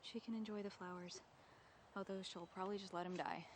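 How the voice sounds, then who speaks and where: Actress doing a young woman fresh off a breakup, wry and halting, gets defensive with her mom, normal-pitched voice. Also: fairly even intonation, slight background noise, natural voice. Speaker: lead character in a short film. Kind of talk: naturalistic film acting.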